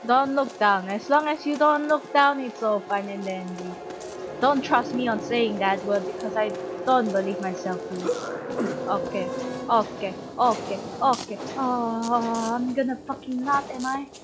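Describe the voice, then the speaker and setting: A woman's voice: a little high, a little slow, noisy background. A woman commenting on a horror game as she plays, panicky and swearing, shrieking and laughing nervously. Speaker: gamer. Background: game music.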